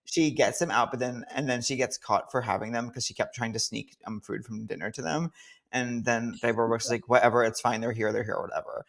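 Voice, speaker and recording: A man's voice: mid-range voice, fairly quick, gravelly, a bit bright. A man co-hosting a podcast, telling rambling anecdotes in casual chat. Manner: rambling anecdotes full of fillers. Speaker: podcast co-host.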